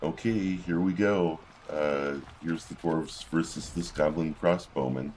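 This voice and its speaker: A man's voice: rumbling low, steady tone, unhurried, darkish tone, a little hiss or hum. A man giving casual gameplay commentary, reading in-game combat logs aloud with wry asides.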